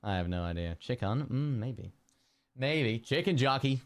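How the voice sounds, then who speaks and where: A man's voice: mid-range voice, animated, measured pace, no echo. A young man streaming live, muttering one-word guesses to chat, keyboard clicks behind. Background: keyboard clicks and typing.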